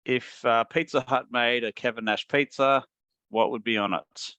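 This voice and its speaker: A man's voice: mid-range voice, steady tone, normal speed, sharp tone, no echo, lo-fi sound. A man with an Australian accent, co-hosting a casual podcast and asking the questions over a video call. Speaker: podcast co-host.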